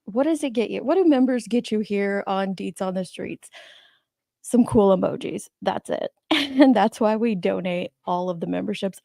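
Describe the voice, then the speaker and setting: A woman's voice: mid-range voice, creaky, warm tone, no room sound, clean studio sound. A woman hosting a livestream, chatting casually with her viewers, greeting them by name, and sounding a little sleepy. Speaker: livestream host. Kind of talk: casual chat with live chat viewers.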